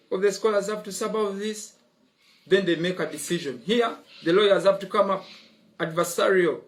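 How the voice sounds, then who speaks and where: A man's voice: sits high, gravelly. A young man teaching law in an online lesson, repeating key words and dropping "mm-hmm" and "uh-huh" as he drives his points home. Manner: emphatic, drilling points home.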